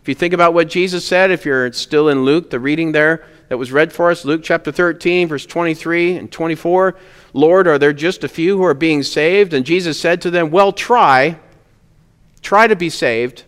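A man's voice: on the high side, moderate pace, a bit bright, clear, resonant tone. Man preaching earnestly in a reverberant hall. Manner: earnest preaching, rising to emphatic peaks on key words. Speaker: pastor. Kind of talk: sermon.

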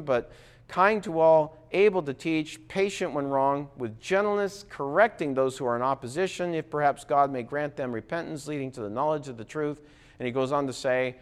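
A man's voice: medium pitch, clear, resonant tone. A man teaching a recorded Bible class in a conversational way, often checking in with his listeners. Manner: conversational, frequent "okay?" check-ins.

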